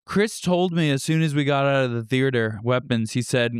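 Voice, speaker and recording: A man co-hosting a podcast in casual banter, a playful joker with deadpan exaggerations. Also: medium pitch, normal speed, smooth, no echo, clean studio sound. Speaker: podcast co-host.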